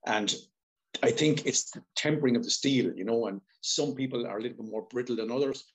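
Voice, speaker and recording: An Irish man chatting as a podcast guest, swearing freely and telling animated stories. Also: medium pitch, a little fast, rough recording. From Ireland. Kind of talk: casual podcast chat.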